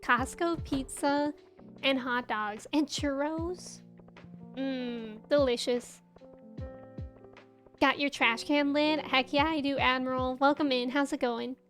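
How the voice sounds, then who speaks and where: A young woman with a high, fairly bright voice livestreams a farming game, speaking slowly in a steady tone. She chats casually, giggles and greets her viewers as she plays, with faint game music in the background.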